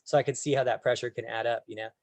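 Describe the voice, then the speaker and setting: A man's voice: medium pitch, steady tone, racing, gravelly, darkish tone, no echo. A man hosting a podcast as a coach, talking in an easygoing, supportive way with frequent restarts. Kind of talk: casual chat.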